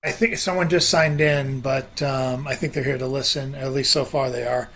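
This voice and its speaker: A man hosting an online poetry gathering, relaxed and offhand as he handles the tech. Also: mid-range voice, moderate pace. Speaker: host. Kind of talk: casual hosting remarks. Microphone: video call.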